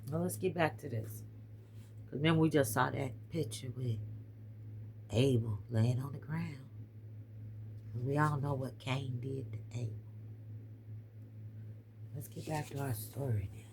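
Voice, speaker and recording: A woman's voice: extremely low pitch, a little slow, gravelly, pauses often, a little mellow, slight background noise. A woman with a strained voice, chatting casually to viewers, recorded on a phone. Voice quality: voice strained by weather and heated talks. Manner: chatty, talks straight to viewers, says y'all. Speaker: host. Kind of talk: casual live-stream talk.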